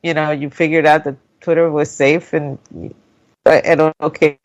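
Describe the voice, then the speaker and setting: A man's voice: fairly high pitch, flat delivery, normal speed, lo-fi sound. A man co-hosting a casual radio talk show, agreeable and wry, chuckling as he chats. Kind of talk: casual chat.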